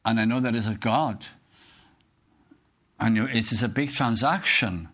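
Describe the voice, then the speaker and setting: An older British man preaching an earnest sermon, reciting hymn verses slowly. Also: medium pitch, bright, forceful tone.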